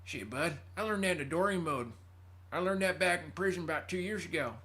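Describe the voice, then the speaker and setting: A man voicing a rough, swearing redneck ex-convict with a mock rural accent who drawls and calls everyone bud. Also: high voice, fairly quick, sharp tone, voice pushed up. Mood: laid-back.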